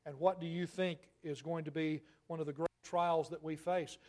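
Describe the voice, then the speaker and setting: A man's voice: fairly high pitch, steady tone, darkish tone. Emphatic man preaching a sermon. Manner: emphatic, rhetorical questions, slow stressed phrases.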